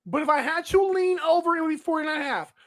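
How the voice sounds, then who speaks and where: A woman with a high voice hosts a sports betting podcast. She rambles casually through her picks. She often turns to talk straight to the players she is discussing. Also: fast talker.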